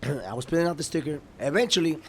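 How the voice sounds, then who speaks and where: A man's voice: fairly high pitch, lively intonation, quick pace, darkish tone, slight background noise. A young man casually telling a profane, rambling story about his work, laughing between lines.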